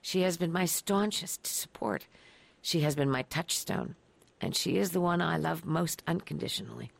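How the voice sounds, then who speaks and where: A woman's voice: low voice, expressive, normal speed, vocal fry, no room sound. A woman, a radio interview guest, telling her stories in a dramatic, emphatic and emotional way. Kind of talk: expressive storytelling.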